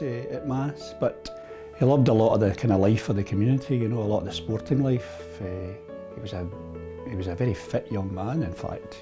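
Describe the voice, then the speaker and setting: A man recalling a priest's early years in a reflective, hesitant way. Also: on the low side. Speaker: parishioner. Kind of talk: casual recollection. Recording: music behind.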